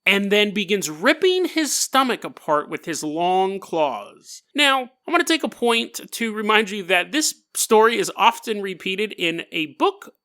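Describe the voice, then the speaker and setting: A man's voice: sits high, big pitch swings, measured pace, hardly any pauses, sharp tone. A man hosting a podcast, casually retelling a folk tale with joking, rambling asides. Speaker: podcast host. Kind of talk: casual storytelling.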